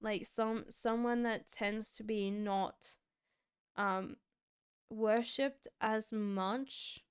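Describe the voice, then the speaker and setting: A woman reads tarot cards on a live stream, taking her time over each card in a reflective, chatty way. Her voice is very clear and a little high. The sound is dry and close, with no room echo. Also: fairly even intonation. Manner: slow, reflective, chatty with giggles. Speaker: tarot reader.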